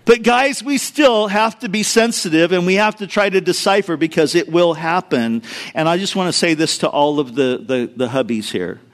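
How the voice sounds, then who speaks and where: Middle-aged male pastor, high voice, animated comic sermon storyteller. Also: normal speed. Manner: animated storytelling, acts out quoted voices, addresses the congregation directly. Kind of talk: sermon with humorous stories.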